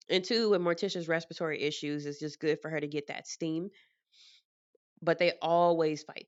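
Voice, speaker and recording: Woman, vlogger, casual chat at home, animated storytelling, lowish voice, muffled lo-fi audio. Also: smooth. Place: her apartment, indoors.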